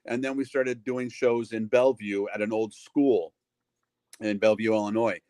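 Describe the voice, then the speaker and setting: A man's voice: lowish voice, flat delivery, moderate pace, a little mellow, dry recording. A middle-aged man, a wrestling ring announcer, chatting as an interview guest, full of fillers and acted-out quotes. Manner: chatty, acts out quoted voices, lots of fillers. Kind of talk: casual storytelling interview.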